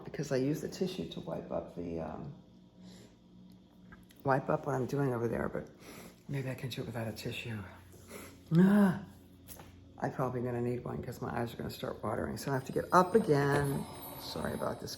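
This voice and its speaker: A woman hosting a meditation and tarot session, talking casually with a croaky, dry-throated voice and rambling, friendly asides to her viewers at home. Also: rumbling low, sing-song, normal speed, pauses often, a little mellow, slight background noise. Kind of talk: casual chatty talk to viewers.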